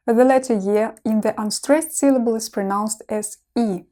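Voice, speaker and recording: A woman teaching a language lesson, pronouncing each example slowly and distinctly as a model for learners. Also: a little high, dark tone. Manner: slow, clearly enunciated model pronunciation.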